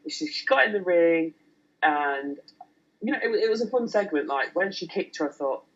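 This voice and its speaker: A man co-hosting a casual wrestling podcast, excitable and stumbling over his words. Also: on the high side, moderate pace, highs cut off. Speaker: podcast co-host.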